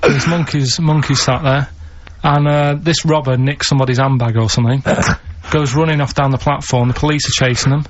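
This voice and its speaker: Man, radio co-presenter, plodding deadpan delivery, mid pitch, muffled lo-fi sound. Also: brisk, hardly any pauses. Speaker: radio show co-presenter running a quiz segment. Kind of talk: casual radio banter. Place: radio studio. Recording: dull lo-fi radio recording.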